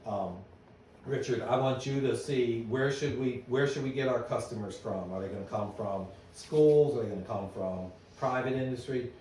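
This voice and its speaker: A middle-aged man speaks to a meeting audience as a lively storyteller who keeps checking in with the room. His voice booms around a very echoey hall, picked up from a distance. A faint room hum sits underneath. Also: moderate pace. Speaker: business owner giving a presentation. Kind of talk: conference talk to an audience.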